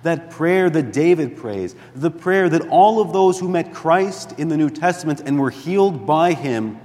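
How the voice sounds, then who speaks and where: A man preaching a sermon as a priest in a church, deliberate and emphatic, dropping to a hush at times. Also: on the high side, expressive, in a large hall. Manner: slow, deliberate preaching with emphatic rises and hushed drops.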